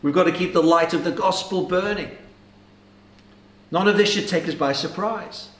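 A man's voice: sits high, normal speed. A man preaching a sermon with earnest urgency, posing rhetorical questions to his listeners. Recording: echoey room.

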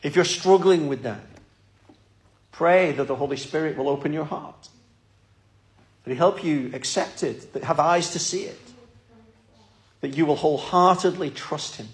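A man's voice: a little high, normal speed, long pauses. A man preaching a sermon in a church, earnest and pleading, often repeating his words.

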